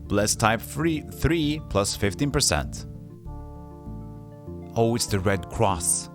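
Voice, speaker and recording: A man's voice: fairly low pitch, animated, slow, over music. A young man streaming a retro role-play game, chatting casually with wry, self-mocking remarks and reading the story aloud.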